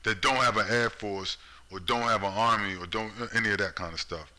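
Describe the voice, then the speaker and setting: A man's voice: lowish voice, a little fast, sharp tone, poor audio. A man giving a profane, sarcastic vlog rant about politics, full of rhetorical questions. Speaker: political commentator. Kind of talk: ranting vlog commentary.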